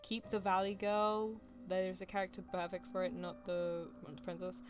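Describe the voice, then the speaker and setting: A woman's voice: on the low side, flat delivery, normal speed, soft background music. A woman streamer reading a visual novel aloud and chatting playfully with her viewers. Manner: playful, giggly asides to chat.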